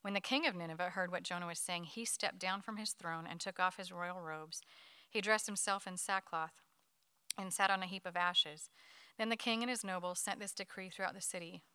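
A woman leading a Bible study, reading a scripture passage aloud to her group at a quick pace. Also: fairly low pitch, clean tone, no room sound, studio quality. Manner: quick, lively reading with light laughs.

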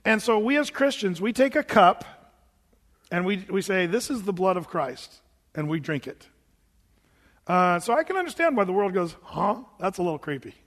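A man's voice: high-pitched, very animated, moderate pace, long pauses, a bit bright. An American man preaching a sermon as pastor, in a conversational style full of asides and restarts. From United States. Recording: long hall reverb.

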